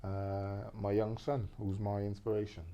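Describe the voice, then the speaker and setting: A man's voice: lowish voice, level tone, unhurried, warm tone, highs cut off. A Welsh man talking football as a pundit in a casual, blokey debate. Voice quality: chatty, blokey.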